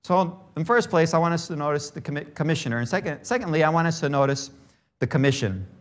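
A man who grew up in Brazil delivers a sermon in a fairly high voice with big pitch swings and a quick pace. He starts by telling a story in an easy way, then preaches with growing emphasis.

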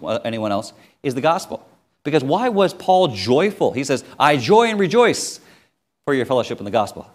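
A man preaching a sermon as a missionary, telling stories with sudden swings between loud and quiet. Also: a little high.

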